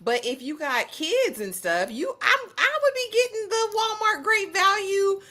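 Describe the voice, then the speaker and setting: A woman co-hosting a casual panel chat, quick and joking with emphatic slang. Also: very high voice, very animated, bright, forceful tone. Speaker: panel co-host. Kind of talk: casual chat reacting to viral clips.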